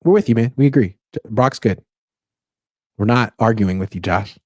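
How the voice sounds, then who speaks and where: A man's voice: fairly low pitch, moderate pace, dry recording, clean studio sound. A man co-hosting a casual sports talk show, reading viewer comments aloud and teasing. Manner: reads chat questions aloud, animated and teasing.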